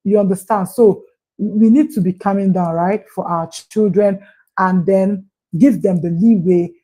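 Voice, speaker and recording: A woman's voice: mid-range voice, steady tone, a little slow, mellow, low-quality recording. A woman with a Nigerian accent speaking on a parenting livestream panel, earnest and repeating her words with coaxing asides. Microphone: remote call.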